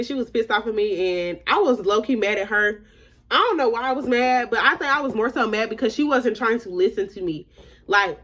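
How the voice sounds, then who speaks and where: A young adult woman telling her viewers a story in a slangy, casual storytime, often laughing as she talks. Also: medium pitch. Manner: chatty and slangy, addressing viewers as y'all.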